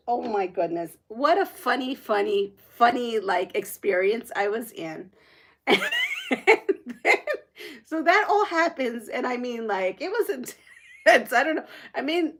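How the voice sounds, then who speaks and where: A middle-aged woman hosts a casual livestream and tells a story with lots of laughter. Her voice sits a little high and stays animated. A sewing machine can be heard in the background. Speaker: livestream host.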